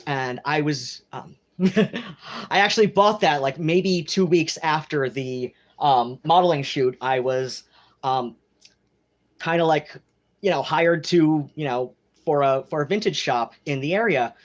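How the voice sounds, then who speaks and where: An American man puts on a mid-Atlantic accent full of stretched vowels and stagey polish, his voice fairly high and the sound lo-fi. Chatting to his livestream from home, he rambles in a campy, gossipy, unhurried way, sprinkling "like" and "you know" through every sentence.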